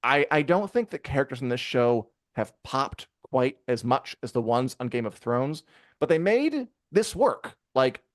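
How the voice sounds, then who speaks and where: A man co-hosting a live review show in casual chat, rambling and animated, with many fillers and acted-out quotes. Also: mid-range voice, unhurried, no echo, clean studio sound. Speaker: podcast co-host reviewing a TV episode.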